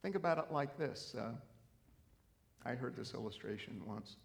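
A middle-aged man preaching a sermon, telling a story earnestly and then rising into emphatic, animated preaching. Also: mid-range voice, normal speed, creaky. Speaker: pastor.

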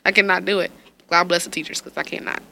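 Animated woman telling stories, bright voice. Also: fast, creaky. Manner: animated storyteller, acts out quotes with big pitch jumps, swears freely. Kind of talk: casual chat.

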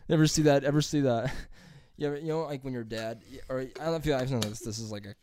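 A young man swapping stories in a loose, laughing ramble, full of swearing and restarts. His voice sits at a middle pitch and sounds dry and close, with no room around it. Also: steady tone, a little fast, darkish tone, no room sound. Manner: rambling, laughing, crude storytelling. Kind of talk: casual chat.

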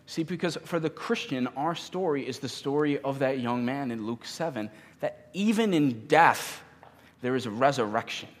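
A man in his thirties, a pastor giving a sermon in an earnest, halting way with many pauses. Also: mid-range voice, long reverb tail.

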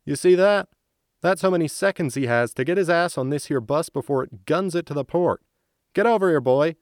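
A man voicing a gruff soldier guarding a camp gate, who barks and shouts his orders. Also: fairly high pitch, a little fast, no echo, clean studio sound, pitched above the performer's own voice, natural voice. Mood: shouting. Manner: barking, shouting across a camp.

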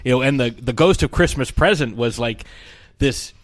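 Man, mid pitch, casual movie talk, does quick impressions; dry close mic. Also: no echo. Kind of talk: casual chat about a movie.

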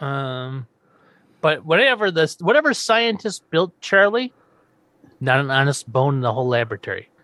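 A man's voice: fairly high pitch, sing-song, normal speed, sharp tone, no room sound. A man casually recapping a TV episode on a podcast, quoting the characters and laughing often. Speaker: podcast host.

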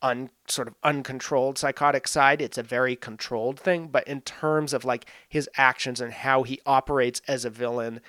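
A man in a loose, casual film chat, full of fillers and restarts, now and then slipping into little acted-out bits of scenes. His voice is smooth and resonant, recorded dry and close with no room sound. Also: mid-range voice, steady tone, moderate pace, hardly any pauses, a bit bright, no echo. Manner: rambling, frequent "like" fillers, acts out scenes.

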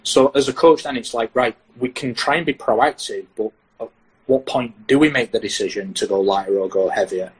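A man's voice: mid-range voice, moderate pace, slightly rough, rough recording. A British man, a sports science lecturer, talking through research in a podcast interview and acting out what athletes and coaches say. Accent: British English. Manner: animated, acts out athletes' and coaches' lines.

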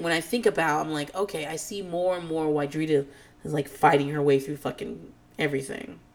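Fast, loose, and full of curse words, a woman recaps a reality show's drama on her podcast in casual conversation, describing herself as nervous and on edge. She's animated, alternating low muttered asides with high-pitched, squealing mock quotes of the people in question.

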